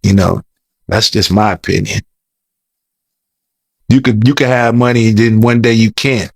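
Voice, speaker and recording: A man's voice: on the low side, steady tone, unhurried, vocal fry, no room sound. A man telling a long story as an interview guest, rambling, repeating words, and talking in loose slang. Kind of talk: casual storytelling.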